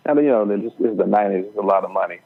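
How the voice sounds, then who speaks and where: A middle-aged man telling a personal faith story as a podcast guest, earnest and halting, with many fillers and restarts. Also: lowish voice, breathy edge. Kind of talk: storytelling testimony. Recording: tinny phone-like line.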